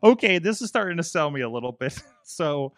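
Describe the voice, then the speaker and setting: A man hosting a casual wrestling podcast, excitable and laughing often as he reacts. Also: on the high side, a little fast, no echo, studio quality. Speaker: podcast host.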